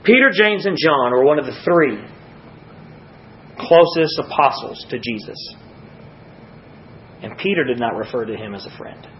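Animated preacher man, lo-fi sound. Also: a little slow, long pauses, a little hiss or hum. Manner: animated, rising to emphatic peaks and dropping to hushed low lines. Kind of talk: sermon.

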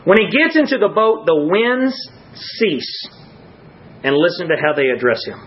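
Male preacher, sermon delivery, very animated pitch, dull lo-fi recording. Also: measured pace, a little hiss or hum. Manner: animated, rising to emphatic peaks and dropping to hushed low lines.

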